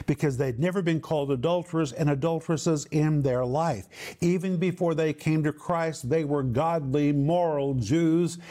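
Male Bible teacher, sermon delivery, fairly high pitch, emphatic with deliberate repetition. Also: warm tone. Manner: emphatic, drawn-out phrasing, repeats key words.

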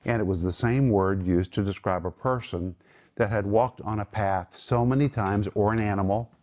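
A man's voice: fairly low pitch, moderate pace, darkish tone. A man teaching the Bible to a small discussion group, emphatic, breaking words down one at a time.

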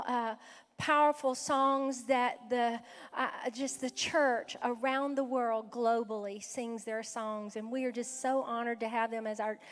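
A woman pastor welcoming visitors from the pulpit, exuberant and full of praise exclamations. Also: high voice. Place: church sanctuary. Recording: reverberant hall with a faint congregation.

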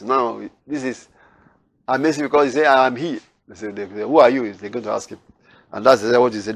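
A man teaching the Bible verse by verse, reading scripture aloud and then explaining it in loose, halting asides. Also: medium pitch, no echo.

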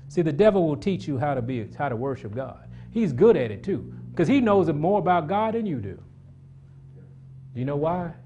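Husky preacher guy, voice jumps all over, loud then real quiet, keeps asking the church questions. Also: muffled recording. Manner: swings from loud emphatic bursts to low hushed asides; rhetorical questions to the congregation. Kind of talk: sermon.

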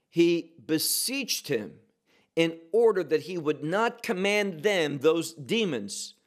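Male Bible teacher, fairly high voice, deliberate and emphatic, verse-by-verse teaching. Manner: slow, emphatic, asks and answers his own questions.

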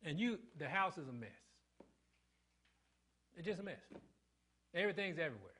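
High-voiced middle-aged man preaching. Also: sing-song, normal speed, slightly rough. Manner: call-and-response preaching, quizzing the congregation; emphatic, swinging between loud and hushed. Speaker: pastor. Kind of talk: sermon.

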